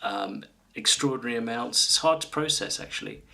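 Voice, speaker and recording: A man's voice: mid-range voice, brisk, creaky, bright, forceful tone. Sweary man co-hosting. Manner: sweary, teasing. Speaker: podcast co-host. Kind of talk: bickering casual chat.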